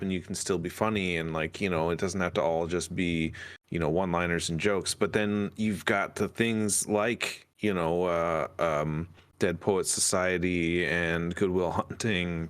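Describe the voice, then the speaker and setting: Low-voiced man rambling in casual chat. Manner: rambling, many fillers and restarts. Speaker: podcast co-host.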